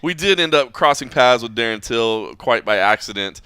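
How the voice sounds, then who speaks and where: A man's voice: medium pitch, lively intonation, moderate pace, pushed and bright, clean tone, dry recording, clean studio sound. A man hosting a podcast, chatting casually and laughing as he wanders between points. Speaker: podcast host.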